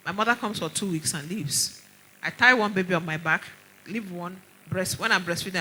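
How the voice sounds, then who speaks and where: A middle-aged Nigerian woman, a doctor, giving an animated conference talk full of stories and pointed rhetorical questions. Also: on the low side, a little hiss or hum, poor audio. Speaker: doctor speaking at a women's conference.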